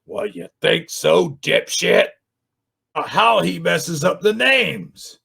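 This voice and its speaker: A man reviewing another YouTube channel in an angry, sarcastic rant, swearing and shouting often. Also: high-pitched, lively intonation, slow pace, creaky, breathy edge. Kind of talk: ranting video commentary.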